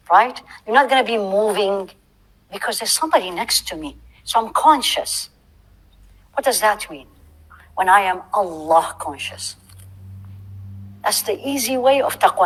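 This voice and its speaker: A woman teaching a religious class to a live audience, asking the room questions and stressing key words, sometimes dropping to a soft hush. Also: mid-range voice, poor audio. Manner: animated, asks the audience questions.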